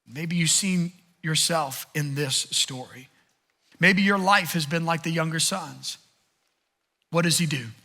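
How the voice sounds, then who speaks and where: A man's voice: on the high side, measured pace, bright, forceful tone. A man pastor giving an earnest, conversational sermon with repeated phrases.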